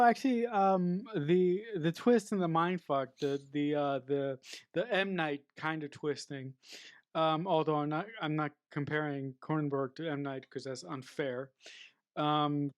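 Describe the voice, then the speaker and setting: A podcast co-host, chatting casually and excitably about a film, swearing and trailing off mid-thought. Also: mid-range voice, a little slow, dry recording, clean studio sound. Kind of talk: casual film review chat.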